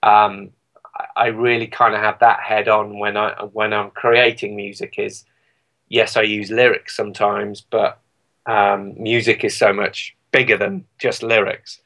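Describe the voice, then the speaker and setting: A British man talks as an interview guest, rambling and self-deprecating, full of fillers. His voice sits a little low. He keeps it casual and easygoing. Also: little pitch movement, a little slow, bright, forceful tone, rough recording. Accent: British English. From Britain. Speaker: guest musician.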